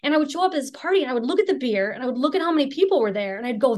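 A woman's voice: sits high, lively intonation, fast. Frank American woman telling her story. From Chicago area, United States. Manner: frank, self-deprecating, many fillers like "you know" and "right". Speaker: speaker sharing recovery story. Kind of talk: candid personal testimony.

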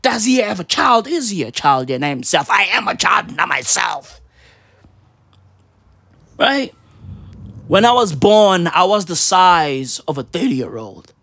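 A man ranting casually, rambling in heavy slang with mock patois words, swinging between loud outbursts and low mutters. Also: big pitch swings, takes it slowly, gravelly, long pauses, no room sound. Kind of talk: casual profane rant.

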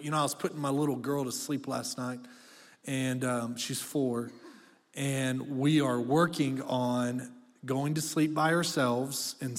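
A man in his thirties preaching a sermon as pastor, conversational and direct, asking the congregation to speak back. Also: mid-range voice. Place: church auditorium. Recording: long reverb of a church hall.

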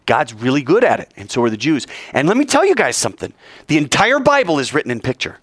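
A man preaching a sermon, telling stories in an animated way and asking his audience questions. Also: a little high, fairly quick, slightly rough, no room sound.

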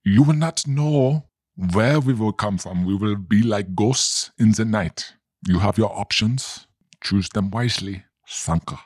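A man delivers a mock-formal comedic open letter in stiff, careful phrasing. His low voice has a husky edge. The recording is dry and close. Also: measured pace, darkish tone, no room sound.

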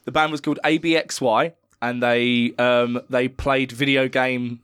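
A man's voice: medium pitch, measured pace, clean tone, no room sound, clean studio sound. Sweary British man telling stories. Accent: British English. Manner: sweary, animated storytelling. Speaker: podcast co-host. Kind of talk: casual chat.

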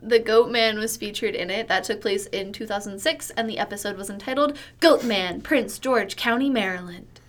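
A woman's voice: mid-range voice, moderate pace. A woman co-hosting a podcast, giggling and eagerly sharing facts from her research in casual chat. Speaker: podcast co-host.

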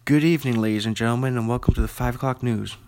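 A man's voice: medium pitch, rapid-fire, a little mellow, close to an everyday voice. A man playing a showy male TV news anchor, reading long mock-formal sentences.

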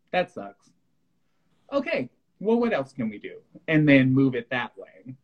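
Husky-voiced man, animated storyteller. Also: mid-range voice, lo-fi sound. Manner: animated storyteller who acts out his own reactions. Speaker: podcast co-host. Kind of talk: casual spiritual chat.

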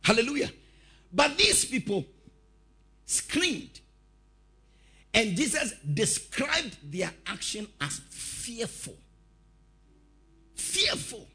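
A male preacher giving a lively sermon, telling stories, shouting out quotes and laughing as he goes. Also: very high-pitched, slow, long pauses, husky.

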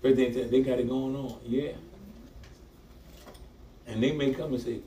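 A man's voice: medium pitch, fairly even intonation, unhurried, pauses often, warm tone. A man preaching a sermon, talking back and forth with the congregation and laughing often. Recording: echoey room from far off, noisy.

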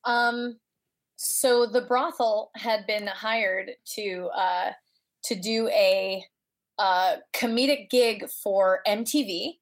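A woman's voice: medium pitch, takes it slowly. A middle-aged woman, a voice actor, telling an anecdote in a casual interview and acting out the people in it. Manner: animated, acts out voices in her anecdotes.

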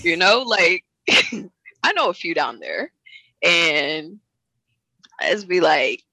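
Woman guest, laughs constantly, bright forceful tone, dry close sound. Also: on the low side, slow pace, pauses often, no echo, poor audio. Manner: laughs often, animated, colloquial. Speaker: guest, fitness coach. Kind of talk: casual chat.

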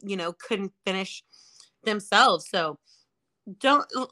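A woman's voice: mid-range voice, animated, slow, sharp tone. A woman co-hosting a podcast in casual chat, blunt and emphatic, swearing freely. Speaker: podcast co-host.

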